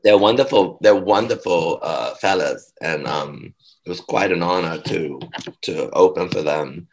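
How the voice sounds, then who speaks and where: A man telling stories as an interview guest, animated and laughing, with frank, profane asides. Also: sits low, measured pace. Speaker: guest performer. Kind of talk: casual interview storytelling.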